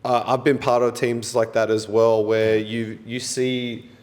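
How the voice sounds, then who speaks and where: A man's voice: mid-range voice, a little slow. A man hosting a podcast, chatting casually and encouraging his guest. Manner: relaxed, encouraging listener. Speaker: podcast host. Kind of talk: casual chat. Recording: long hall reverb.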